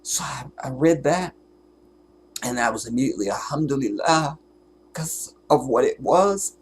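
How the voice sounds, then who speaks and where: A man's voice: mid-range voice, expressive, a little hiss or hum. Tearful man on a fervent live stream. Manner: fervent, halting, drops to whispers. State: tearful, holding back crying. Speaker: livestream host. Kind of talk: emotional livestream monologue.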